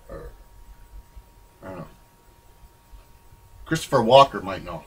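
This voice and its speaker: Husky man telling a rambling memoir. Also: very animated, moderate pace, pauses often, poor audio. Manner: rambling, wry and irreverent, swings between loud bursts and low mutters. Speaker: narrator of his own memoir. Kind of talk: spoken-word memoir reading.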